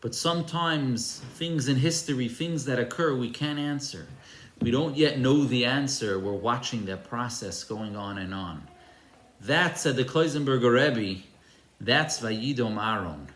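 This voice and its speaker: A man's voice: medium pitch, a little slow, fairly bright tone. A man, a rabbi, giving an earnest, emphatic sermon with storytelling. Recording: roomy echo.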